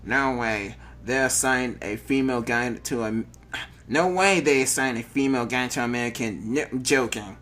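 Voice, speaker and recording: A man's voice: mid-range voice, moderate pace, a bit bright, lightly acted. A man voicing a stern armed male guard who teases a tourist in a read-aloud text game. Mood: teasing.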